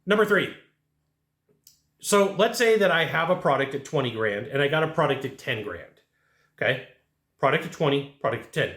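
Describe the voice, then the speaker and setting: A man coaching salespeople in an animated way, acting out his customers' lines as he goes. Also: a little high, normal speed, long pauses. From California. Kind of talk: energetic coaching monologue. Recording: roomy echo.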